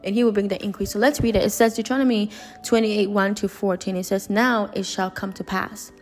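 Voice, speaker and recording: Woman preacher, mid-pitched, emphatic and repetitive, faint music underneath. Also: fairly even intonation, fairly quick. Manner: earnest, repetitive, emphatic preaching with many restarts. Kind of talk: sermon.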